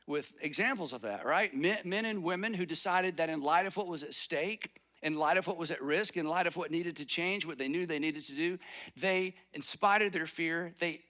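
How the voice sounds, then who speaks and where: A man delivers a sermon in an easy, conversational way. His voice sits high and rings bright and forceful. He slips into quick acted lines of everyday inner talk. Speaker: pastor.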